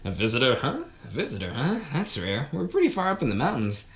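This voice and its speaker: Theatrical woman streamer, lively swings. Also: a bass voice, brisk. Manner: theatrical, bursts into laughing shouts. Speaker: game streamer. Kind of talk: reading a visual novel aloud with commentary.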